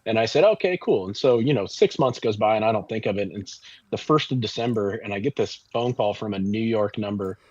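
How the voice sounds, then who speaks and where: Guest man, low husky voice, rambling storyteller, dry dull lo-fi audio. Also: a little fast, dry recording. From Kansas City area. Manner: rambling, animated storyteller with many restarts. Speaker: barbecue pitmaster guest. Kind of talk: casual storytelling interview.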